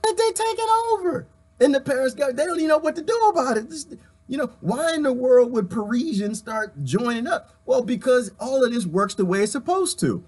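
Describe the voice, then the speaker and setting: A man's voice: very high-pitched, expressive, fairly quick, a little mellow, breathy edge. A man from the United States hosting a live stream, fired up and preachy as he talks straight to his viewers and reads their comments.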